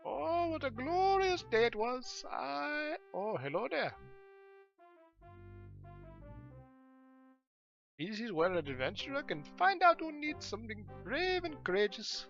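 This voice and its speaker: A man voicing an old, friendly, hard-of-hearing male guildmaster in a video game, with a wobbly put-on foreign accent and slow, drawn-out speech. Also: very high voice, sing-song, gravelly, a bit bright, muffled recording, faint music behind, pitched above the performer's own voice, heavily acted. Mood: welcoming.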